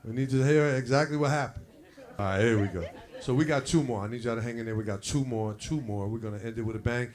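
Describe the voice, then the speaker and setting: A man's voice: medium pitch, fast. A man emceeing a comedy show, working the crowd with hype and banter. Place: comedy club with live audience.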